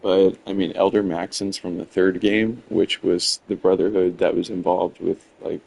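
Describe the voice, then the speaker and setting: A man's voice: low-pitched, vocal fry, a little mellow, rough recording. A man streaming a game, chatting loosely with lots of fillers and rambling asides. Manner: rambling, many fillers, chuckling. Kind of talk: casual gameplay commentary.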